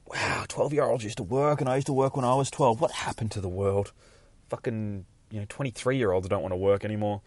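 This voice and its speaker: A young man talks through a comic book issue on his podcast, rambling, swearing freely and laughing as he reads out the characters' lines. His voice sits low, and the sound is dry with no room around it. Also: brisk, a little mellow, no room sound. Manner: profane, rambling, laughs often, reads dialogue aloud. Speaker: podcast host. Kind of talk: casual comic book recap.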